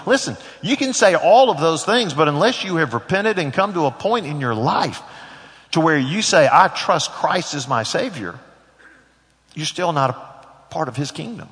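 A man's voice: fairly high pitch, animated, moderate pace, fairly bright tone. A middle-aged man preaching a sermon as pastor, folksy and conversational with joking asides. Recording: long hall reverb.

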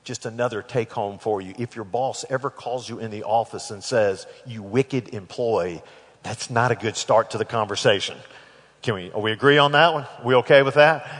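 A man preaching a sermon, dramatically acting out scripture dialogue with big swings in loudness. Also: medium pitch. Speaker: pastor. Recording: echoey hall.

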